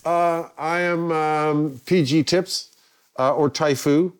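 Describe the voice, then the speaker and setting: An older man from England, a guest telling anecdotes in a lively way and acting out the people he quotes. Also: fairly high pitch, takes it slowly, clear, resonant tone. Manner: lively, acts out quoted voices. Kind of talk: anecdotal storytelling.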